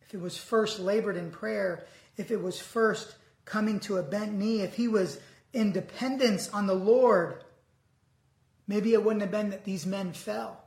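A preacher giving an earnest sermon, reading scripture aloud slowly and deliberately. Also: medium pitch, vocal fry, darkish tone, roomy sound.

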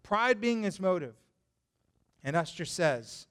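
The man's somewhat high voice stays unhurried as he preaches. He's a pastor bringing a Bible story to life conversationally and energetically, putting questions to those listening.

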